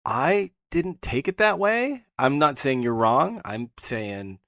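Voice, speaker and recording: A man's voice: mid-range voice, animated, slow pace, fairly bright tone, dry recording, studio quality. A man co-hosting a podcast, musing aloud in a playful, easygoing way. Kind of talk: casual TV discussion chat.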